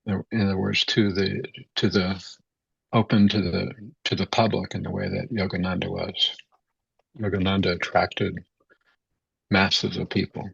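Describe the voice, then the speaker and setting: Low gravelly man, halting spiritual talk. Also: level tone, fairly bright tone, dry recording. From United States. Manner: halting, many repeated words and fillers. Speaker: spiritual teacher. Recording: dull, dry, lo-fi sound.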